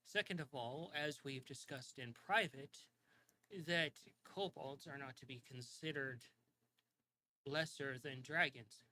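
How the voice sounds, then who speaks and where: A man voicing a female kobold ruler who speaks in a formal, measured way. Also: medium pitch, sharp tone, low-quality recording.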